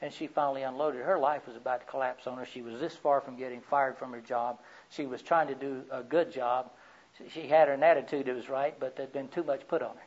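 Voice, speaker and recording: Homem pregando em gravação abafada. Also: male voice, medium pitch, steady tone, a little fast. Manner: storytelling, rhetorical questions to the audience. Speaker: preacher. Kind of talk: sermon. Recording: dull lo-fi recording.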